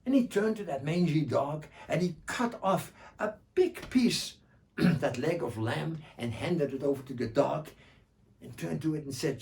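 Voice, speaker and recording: A man performing traditional folk tales as a storyteller, rhythmic and repetitive, often clearing his throat. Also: on the high side, animated, unhurried, darkish tone. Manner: rhythmic, repeating phrases, frequent throat-clearing. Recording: distant mic.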